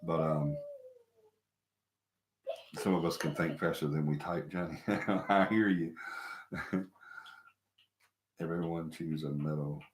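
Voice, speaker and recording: A man's voice: rumbling low, fairly even intonation, slow pace, long pauses, slight background noise. A middle-aged man hosting a casual live stream, talking to viewers in a rambling, emphatic way and repeating himself. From American South. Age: middle-aged or older. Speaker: host of a paranormal live stream. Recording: echoey room.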